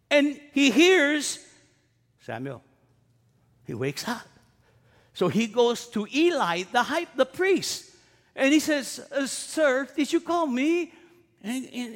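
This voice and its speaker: High-voiced man preaching in a reverberant hall. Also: a bit bright. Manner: storytelling with humorous asides, repeating names for emphasis. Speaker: pastor. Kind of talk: sermon.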